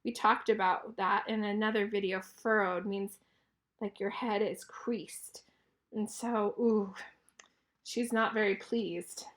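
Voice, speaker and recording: A woman teacher reading a picture book aloud to children, explaining clearly and encouragingly and asking questions. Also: mid-range voice, steady tone, a little slow, fairly bright tone.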